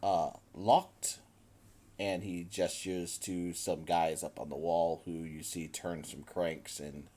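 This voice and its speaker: A man narrating as game master of a tabletop game, halting with frequent fillers. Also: sits low, level tone, dark tone. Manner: hesitant, many fillers.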